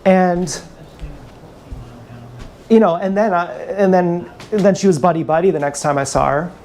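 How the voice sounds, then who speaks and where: A man's voice: sits high, steady tone, moderate pace, a little mellow, a little hiss or hum. Bitter ranting man on a livestream. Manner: ranting, bitter and contemptuous, repeating himself. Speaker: vlogger. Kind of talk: live-streamed rant. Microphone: action camera.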